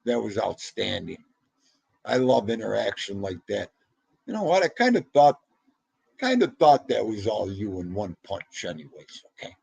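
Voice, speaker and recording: A man hosting a livestream in casual, chatty talk, excitable, with sudden jumps up in pitch. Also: normal speed, creaky, breathy edge, no room sound, poor audio. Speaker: livestream host.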